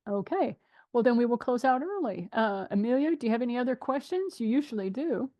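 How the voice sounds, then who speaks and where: Woman, middle-aged, host, casual group chat, animated storyteller, laughs often. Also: fairly high pitch, brisk.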